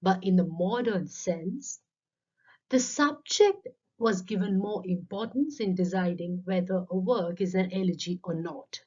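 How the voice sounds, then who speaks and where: Slow, husky woman teaching literature. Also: medium pitch, lively intonation, warm tone. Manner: methodical, explaining step by step. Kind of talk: scripted lecture narration. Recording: dull lo-fi voice-over.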